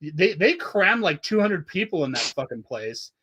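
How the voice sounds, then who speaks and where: A man's voice: a little high, very animated, moderate pace, sharp tone, slightly rough. A man hosting a podcast from Southern California, telling stories in a loose, profane way and laughing often. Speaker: podcast host. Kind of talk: casual podcast chat.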